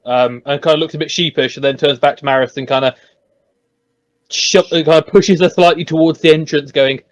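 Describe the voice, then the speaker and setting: A man playing in a tabletop game, describing what his character does with hesitant ums and uhs. His voice sits fairly high, and the sound is dry and close. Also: steady tone, a little fast, no echo. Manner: hesitant, describes actions with fillers. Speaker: player. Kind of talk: casual tabletop play.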